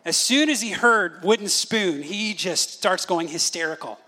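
Bright-voiced, animated male pastor preaching. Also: high-pitched, measured pace. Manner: animated storytelling, acts out voices of his children. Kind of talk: sermon.

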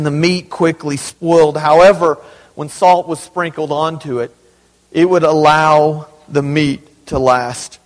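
High-voiced pastor preaching in a reverberant hall. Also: male voice. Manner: emphatic, conversational preaching with asides and humor. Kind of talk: sermon. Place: church sanctuary.

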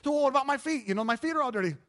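A man's voice: extremely high pitch, lively intonation, racing, fairly bright tone, voice pushed up. A man voicing a tired wife who whines that she won't get out of bed. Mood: whiny. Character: weary wife refusing to leave her bed.

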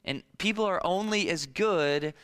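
A pastor in his thirties preaches a sermon conversationally, posing rhetorical questions and sharing anecdotes about his own family. His voice is high and a little bright, with a clean tone and a slightly slow delivery.

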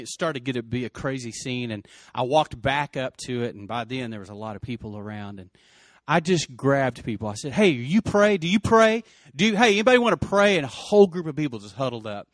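A middle-aged man with a drawl recounts a memory with earnest feeling, his voice rising in urgent bursts and sinking low and quiet. The sound is close and dry, with no room around it. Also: dry recording. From West Texas. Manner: earnest, emotional, quick surges and hushed drops. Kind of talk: personal storytelling.

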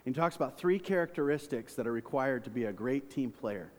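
A man's voice: animated, brisk, a little mellow. Man preaching in an echoing hall. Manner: preaching with big swings in volume and pitch. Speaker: pastor. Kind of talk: sermon.

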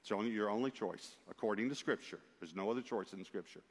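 A male preacher telling a personal story in an emphatic, lively way, with asides to his listeners, in a church. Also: fairly low pitch, fast, husky. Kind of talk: storytelling sermon. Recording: long reverb of a large hall.

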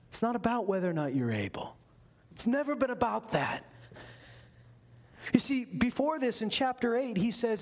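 A man's voice: high-pitched, sing-song, moderate pace, pauses often, darkish tone. A man pastor preaching a sermon in an emphatic, conversational way.

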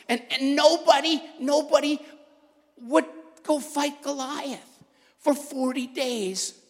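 A man giving a sermon in a church, joking at his own expense in a conversational manner. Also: mid-range voice. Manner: jokey, self-deprecating, conversational. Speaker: guest preacher. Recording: echoey hall.

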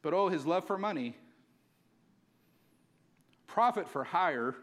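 A man's voice: sits high, expressive, slow pace, a bit bright. A male pastor preaching a sermon, telling the story casually and with energy, filling it with likes.

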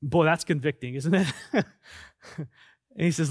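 A man preaching as a pastor, earnest and emphatic, dropping to quiet stretches and then building back up. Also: on the high side, unhurried, long pauses, dry recording, clean studio sound. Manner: earnest, emphatic preaching that swings between soft and loud. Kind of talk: sermon.

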